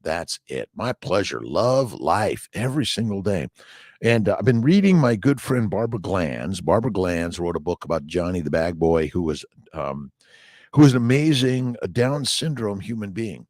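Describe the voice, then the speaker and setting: A man's voice: sits low, animated, normal speed, a little mellow, no echo, clean studio sound. A middle-aged man from Southern California, a doctor chatting casually on a morning livestream, answering viewer comments in a rambling, upbeat, motivational way.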